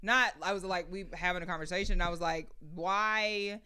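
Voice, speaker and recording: A woman podcast co-host in casual chat, chatty and quick to laugh. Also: on the low side, fairly even intonation, sharp tone, smooth.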